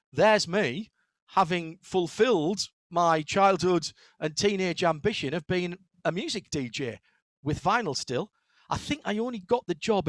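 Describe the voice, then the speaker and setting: A middle-aged man with a Northeast English accent, chatting in an interview as a guest, telling stories quickly with frequent restarts. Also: a little high, no echo. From Northeast England. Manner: fast-talking, animated storyteller with frequent restarts. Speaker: guest, motorsport commentator. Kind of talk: casual interview conversation.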